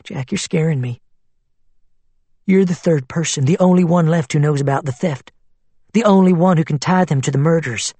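A worried, skeptical woman questions and reasons in a level tone, as a male narrator voices her. The voice is husky. The recording is close and dry. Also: on the high side, moderate pace, warm tone, no room sound.

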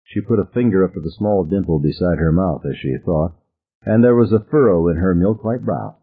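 Male audiobook narrator, first person, husky, tinny phone sound. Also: deep voice, animated, fairly quick. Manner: vivid first-person storytelling, voices characters.

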